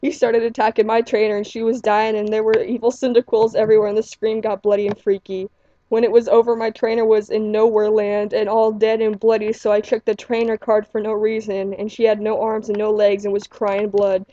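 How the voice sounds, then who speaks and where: A woman's voice: medium pitch, level tone, brisk, dark tone. A woman in her living room, making up a scary story in long, rambling run-on sentences. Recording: dull lo-fi home recording.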